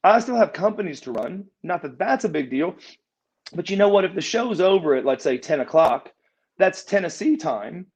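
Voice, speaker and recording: A man's voice: high-pitched, lively intonation, normal speed, a little mellow. A middle-aged man, a former wrestler, telling a rambling story in an interview, stumbling over repeated words and acting out what people said. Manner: rambling, repeats and restarts words, acts out quoted dialogue. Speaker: guest, former pro wrestler. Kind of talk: casual shoot interview storytelling. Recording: muffled lo-fi audio.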